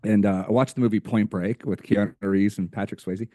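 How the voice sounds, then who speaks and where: A young American man, a podcast guest, telling stories in a slangy, energetic, casual way. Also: on the low side, a little fast, dry recording. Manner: energetic, slangy storyteller, says "dude" a lot. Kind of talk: casual interview chat.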